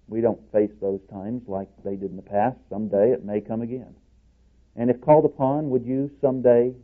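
A man preaching a sermon, emphatic, swinging from loud declarations to hushed asides. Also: medium pitch. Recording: tinny phone-like recording.

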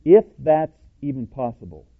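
A man's voice: mid-range voice, sing-song, moderate pace. Plain-spoken man preaching over tinny audio. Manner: emphatic, quizzes listeners with rhetorical questions; self-described cowboy, plain-spoken. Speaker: Bible teacher. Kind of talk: scripture-based sermon teaching.

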